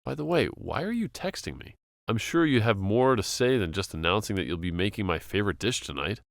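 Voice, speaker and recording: Casting: man as a fed-up young student son, gravelly voice with lively swings, dry close recording. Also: fairly low pitch, fairly quick, dry recording. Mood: exasperated. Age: young adult. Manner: exasperated, pleading.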